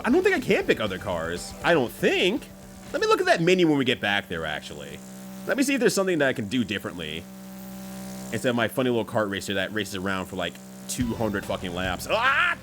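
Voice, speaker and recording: Lively swearing male game streamer. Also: mid-range voice, slight background noise. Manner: chatty, swears freely, laughs often. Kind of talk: casual game-streaming chat.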